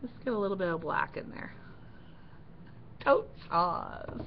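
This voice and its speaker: Giggly woman with a lively pitch. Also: rapid-fire, creaky. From Canada. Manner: giggly, animated storyteller who laughs often. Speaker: livestream craft host. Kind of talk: casual craft livestream chat. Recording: dull lo-fi stream audio with faint noise.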